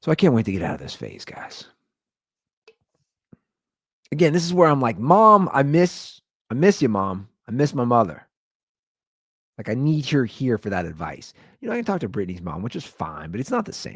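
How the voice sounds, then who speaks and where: Animated man ranting on his podcast. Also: a little fast, vocal fry, breathy edge, no room sound, studio quality. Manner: animated storytelling, frequent high-pitched quoted voices. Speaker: podcast host. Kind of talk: casual comedic rant.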